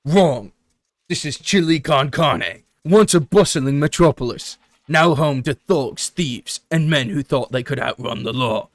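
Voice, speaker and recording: Loud, theatrical Wild West trailer narrator, put on by a male game caster, booming with dramatic pauses. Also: animated, dry recording.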